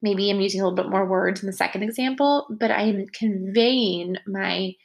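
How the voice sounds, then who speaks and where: A woman's voice: mid-range voice, normal speed, gravelly. An American woman in her thirties hosting a podcast, chatting casually and acting out the voices she quotes. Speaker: podcast host for estheticians. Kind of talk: casual solo podcast talk.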